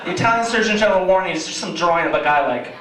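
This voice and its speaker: A young man performing a stand-up comedy set in a club, animated storyteller. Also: high-pitched, racing, heavy background noise. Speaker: stand-up comic. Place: comedy club in front of a live audience. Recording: echoey club, mic from a distance, audience laughing.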